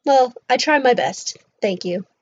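A woman playing a cheerful, easygoing young woman in character, with a bright, playful delivery. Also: sits high, expressive, measured pace, breathy edge, dull audio, full character voice. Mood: friendly.

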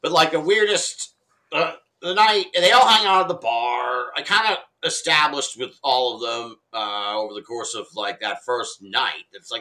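Bright-voiced man telling a story. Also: medium pitch, moderate pace, low-quality recording. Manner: animated, laughs often, swears casually. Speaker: podcast guest. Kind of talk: casual storytelling.

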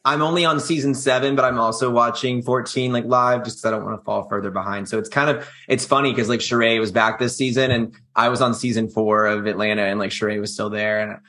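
A man's voice: medium pitch, steady tone, fast talker, hardly any pauses, bright, forceful tone. A man chatting casually as a guest, rambling and hesitant with many fillers. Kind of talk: casual chat about reality TV.

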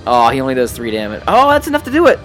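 A man runs a tabletop game in a loose, profane, chatty way, at a middle pitch. He narrates the action casually and laughs along with his players. Soft music plays faintly behind him. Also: huge pitch swings, racing. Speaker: game master.

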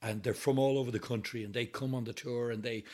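A middle-aged Irishman from Dublin tells stories in a husky, breathy voice. He swears freely and laughs often, and his talk is animated. His pitch sits in the middle range. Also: fast talker. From Ireland. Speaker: podcast guest, rock singer. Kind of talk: casual chat.

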